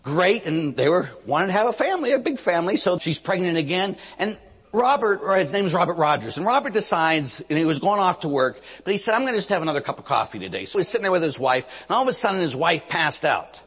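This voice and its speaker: A Catholic priest giving a sermon, telling stories with lively emphasis and sudden hushed moments. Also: male voice, high-pitched, fast, slightly rough. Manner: animated storytelling, swinging from loud emphasis to hushed. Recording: reverberant hall.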